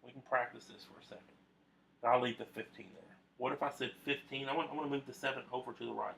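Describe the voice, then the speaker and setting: A man teaches a math lesson to camera in a loose, conversational way, filling pauses and restarting his sentences. His voice is heavily gravelly with lots of fry, sitting at an average pitch for a man. A faint hiss runs under the recording. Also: steady tone, a bit bright. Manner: conversational, with frequent fillers and restarts.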